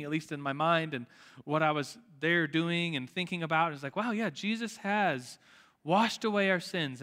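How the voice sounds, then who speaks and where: A Sunday school teacher with a bright, fairly high voice leads an informal church class, talking in a relaxed, rambling way with frequent "like" fillers and restarted sentences before closing in prayer. A long hall reverb makes his voice ring out.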